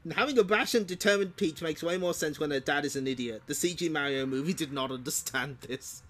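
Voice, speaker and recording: A man's voice: fairly high pitch, brisk, fairly bright tone. A man streaming, reading a comic aloud with chatty, laughing asides. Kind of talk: casual comic read-along commentary.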